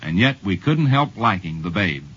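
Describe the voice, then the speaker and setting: A man reads a scripted documentary narration, measured and reflective, with a lively, rising and falling pitch. His voice is bright with a husky edge. The sound is dull and lo-fi, like an old radio program.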